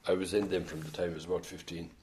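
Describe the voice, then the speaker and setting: Older irish guy, very deep voice, rambling through old stories, lots of restarts. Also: level tone, racing, a little mellow, slight background noise. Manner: rambling anecdotal storytelling, hesitant restarts. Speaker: interviewee, former band musician. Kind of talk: oral history interview.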